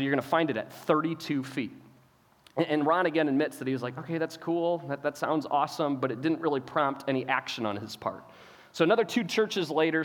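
A man's voice: on the high side, big-room sound. A pastor telling a sermon story, acting out dialogue and repeating words as he starts his phrases.

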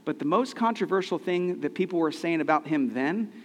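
A man's voice: a little high, lively intonation, fairly quick, a little hiss or hum. A man in his thirties preaching a sermon, conversational and earnest, asking the listeners questions. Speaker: pastor. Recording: long hall reverb.

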